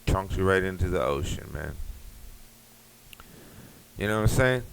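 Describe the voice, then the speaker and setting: A man's voice: low voice, expressive, a little slow, creaky, clean tone, rough recording. A young man hosting a podcast, riffing in a rambling, profane comedic rant. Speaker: podcast host.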